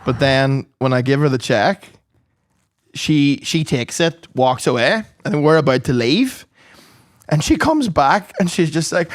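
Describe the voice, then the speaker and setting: A young man tells a sweary story on a podcast and laughs often. His voice sits a little high, and it is recorded dry and close with no room sound. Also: lively intonation, normal speed, no echo. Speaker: podcast co-host. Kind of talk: casual chat.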